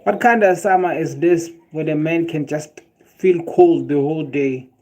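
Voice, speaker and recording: Speaking at a normal speed in a slightly high register, a man with a South African accent hangs out with his livestream viewers. His talk is loose and ranting, full of swearing, jokes and laughter at the chat.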